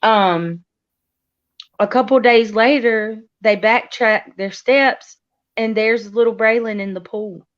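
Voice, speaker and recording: A woman joining a livestream as guest co-host, talking in an excitable, rambling way with many restarts. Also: a little high, slow pace, muffled recording. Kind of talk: casual livestream chat.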